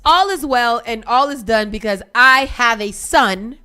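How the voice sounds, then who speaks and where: A high-voiced woman chatting on morning radio, her tone bright and sharp. She tells stories with lively energy, acting out everyone's voices along the way. It sounds like a studio mic. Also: unhurried. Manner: animated storyteller, acts out voices. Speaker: radio co-host.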